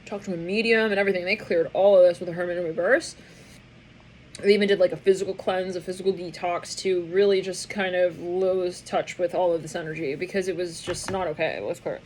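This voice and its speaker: A woman's voice: on the low side, fairly even intonation, brisk, a little mellow, a little hiss or hum, poor audio. A woman doing a casual, rambling tarot reading with lots of filler words, often acting out the people she imagines. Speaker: tarot reader.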